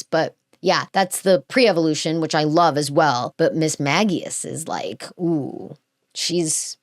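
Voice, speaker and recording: A woman's voice: deep voice, no echo, studio quality. A woman hosting a podcast in casual chat, gushing and rambling, often restarting her sentences. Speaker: podcast host.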